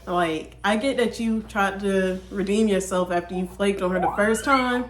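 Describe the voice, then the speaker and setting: A woman's voice: mid-range voice, moderate pace. A woman hosts a reaction video in a casual, chatty way, addressing her viewers directly. Her voice has a roomy echo with faint noise behind it. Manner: chatty, talks straight to viewers. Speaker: host reacting to clips. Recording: echoey room with faint noise.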